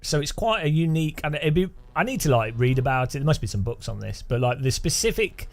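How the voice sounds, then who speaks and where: Over a faint music bed, this racing-game streamer rambles chattily, laughs a lot, hums, and mimics sounds. He speaks fast with a voice on the high side and lively intonation.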